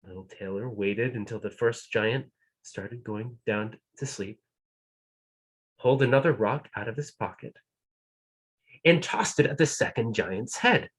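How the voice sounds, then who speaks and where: A man telling a folk tale at a live storytelling event, playful and animated, dropping to a hush and rising again. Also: on the low side, unhurried, pauses often, slightly rough. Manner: animated, playful, shifts between hushed and loud.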